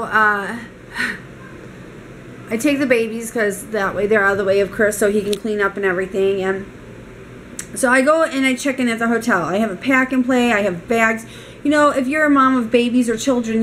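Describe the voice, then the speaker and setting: A young woman vlogging, retelling a bad weekend in an animated, exasperated way. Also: fairly high pitch, a little hiss or hum, rough recording. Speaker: mom vlogger. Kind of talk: casual storytime vlog.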